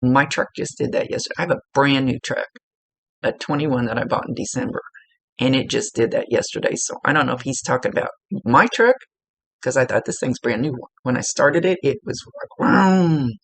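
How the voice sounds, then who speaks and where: Gravelly, husky woman giving a psychic reading. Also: a bass voice, lively intonation, brisk, no echo. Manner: chatty and blunt, laughs often, swears casually. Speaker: psychic medium. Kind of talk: casual spoken reading for a client. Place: indoors at a table.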